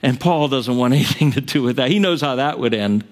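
A man's voice: medium pitch, expressive, fairly quick. Man preaching in an easygoing storytelling voice. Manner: conversational storytelling with asides. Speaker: pastor. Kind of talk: sermon.

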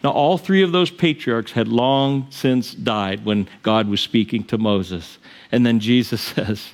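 A man's voice: medium pitch, measured pace. A middle-aged man preaching a sermon to his congregation in a church, earnest, chuckling between points. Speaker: pastor. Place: church sanctuary.

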